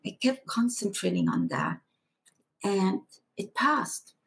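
Slow, gravelly-voiced woman telling her story. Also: medium pitch, huge pitch swings. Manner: earnest, hushed when telling the quieter moments. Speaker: podcast guest. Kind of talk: personal testimony storytelling.

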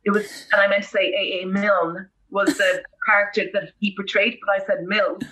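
A woman with an Irish accent, an entertainment interviewer telling rambling, animated stories in casual chat. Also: mid-range voice, a little fast, rough recording. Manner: animated, rambling storytelling with fillers. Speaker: podcast guest, entertainment interviewer.

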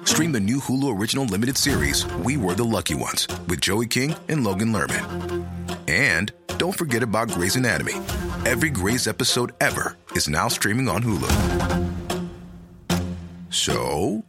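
A man reads a scripted advertisement with smooth, upbeat promo delivery. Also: on the low side, sing-song, moderate pace. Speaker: ad announcer. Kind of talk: scripted ad read. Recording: studio voice-over with loud music bed.

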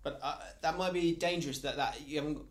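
A man's voice: a little high, quick pace, echoey room. A man from England hosting a casual podcast chat, leading the topics with a teasing manner. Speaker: podcast host.

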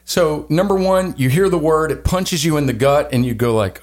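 A man hosting a faith-centered talk, speaking with animated, sermon-like emphasis and sometimes jumping into voices to act out what others say. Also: on the high side, moderate pace, hardly any pauses. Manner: animated, acts out quoted voices. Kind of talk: preachy faith discussion.

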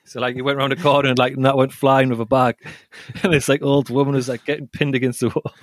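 A young man telling a long, rambling travel story on a podcast, packing his sentences with "like" and breaking into laughs as he goes. His voice sits in an ordinary middle pitch, recorded dry and close. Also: little pitch movement, quick pace, dry recording. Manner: rambling, says 'like' a lot, laughs while telling stories. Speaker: podcast co-host. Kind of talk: casual chat, storytelling.

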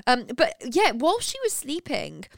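Creaky-voiced woman chatting. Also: high-pitched, moderate pace, no room sound, studio quality. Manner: chatty, animated retelling with acted quotes. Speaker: podcast co-host. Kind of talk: casual chat.

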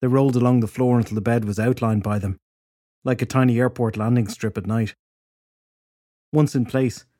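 A male narrator reading a fantasy audiobook in a steady, measured manner. His voice sits at a middle pitch. The recording is dry and close to the mic, with no room sound. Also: no room sound.

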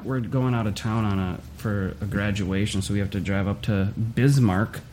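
A man's voice: fairly low pitch, normal speed, noisy background. A man from Minnesota with a Minnesotan accent, chatting and joking in a loose, rambling way on a podcast. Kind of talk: casual chat.

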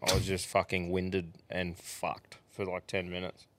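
A man's voice: low voice, monotone, a little slow, dry recording. An Australian man in his thirties co-hosting a podcast, chatting in a laid-back, blokey way and swearing freely. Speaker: podcast co-host. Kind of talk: casual banter.

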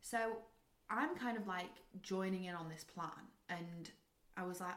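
A young woman co-hosting a podcast, telling stories in a giggly, animated casual chat. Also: lowish voice, a little slow. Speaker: podcast co-host. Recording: roomy echo.

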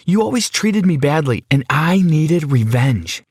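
A man voicing a vengeful, scornful young woman in a narrated story, speaking with a husky tone. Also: a little high, very animated, a little slow, no echo, studio quality, pitched above the performer's own voice, exaggerated voice. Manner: contemptuous, snapping.

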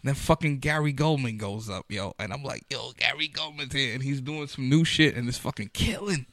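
A man's voice: medium pitch, normal speed, a bit bright, dry recording. A man, a comedian, telling stories in a loose, profane, slang-filled manner during a casual podcast chat.

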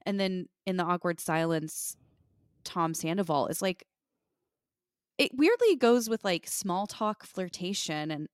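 Low-voiced woman recapping reality TV. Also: measured pace, clear, resonant tone, no echo, clean studio sound. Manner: animated retelling, quoting others. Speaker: podcast co-host. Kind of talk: casual recap chat.

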